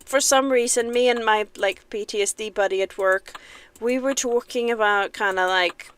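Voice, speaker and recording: A woman's voice: on the high side, normal speed, a bit bright, smooth. A young woman casually chatting on a game livestream, self-deprecating and laughing often. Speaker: game streamer.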